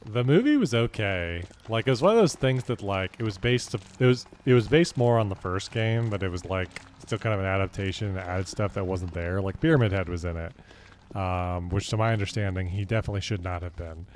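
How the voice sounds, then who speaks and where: A man's voice: deep voice, brisk, a little mellow, a little hiss or hum. Rambling young man streaming a game. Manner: rambling, many fillers and restarts. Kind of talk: casual gaming commentary.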